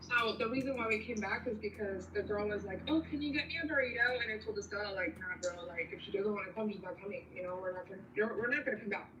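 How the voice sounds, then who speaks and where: A woman's voice: medium pitch, quick pace, few pauses, fairly bright tone, echoey room, far from the mic, a little hiss or hum, low-quality recording. A young woman telling a story in casual chat, rambling and slangy with lots of fillers.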